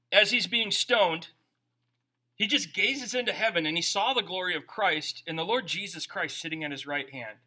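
Delivering his sermon in a high voice, this male pastor keeps things lively and conversational. He asks the congregation questions as he goes.

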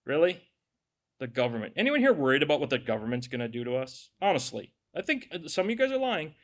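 Lively, animated male preacher. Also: fairly high pitch, quick pace. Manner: conversational and joking, with sarcastic asides. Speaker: pastor. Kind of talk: sermon.

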